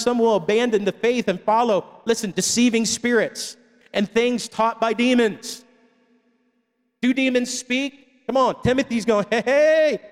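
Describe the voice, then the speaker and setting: A man in his thirties preaching a sermon as a pastor, calling out to the congregation for responses. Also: high voice. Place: church hall. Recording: long reverb of a church hall.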